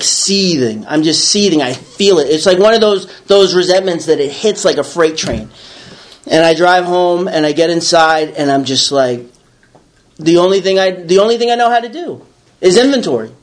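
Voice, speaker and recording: Animated high-voiced man telling a story. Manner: animated storytelling, acts out his own outbursts. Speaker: recovery speaker. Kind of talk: personal story talk.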